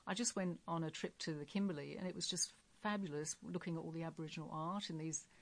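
A woman's voice: low-pitched, steady tone, fast. A woman from England chatting casually as a guest, enthusiastic and emphatic. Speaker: discussion guest. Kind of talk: casual chat.

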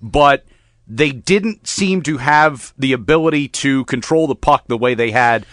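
A man hosting a hockey podcast, asking questions in a halting way with fillers. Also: medium pitch, a bit bright, no echo, clean studio sound. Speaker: podcast host. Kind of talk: podcast sports talk.

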